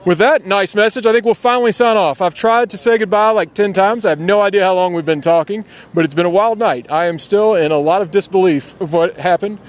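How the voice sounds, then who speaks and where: A male sports host with a high voice, rattling along at a rapid clip. He sounds upbeat and laughs easily, chatting with fans live outdoors at night. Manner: upbeat, quick, laughing often. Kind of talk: live on-the-street interviews. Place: outdoors outside an arena at night.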